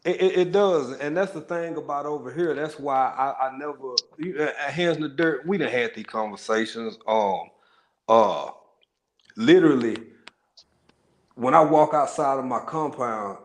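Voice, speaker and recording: Easygoing male livestream host. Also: mid-range voice. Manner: rambling, many restarts, shouts out viewers. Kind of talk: casual group chat. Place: home in Tanzania.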